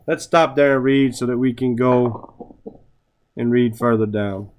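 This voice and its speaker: A man's voice: mid-range voice, unhurried, a little mellow. A man teaching a class on Arabic grammar, reciting Arabic phrases and translating them, often checking in with "right?". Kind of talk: classroom lesson.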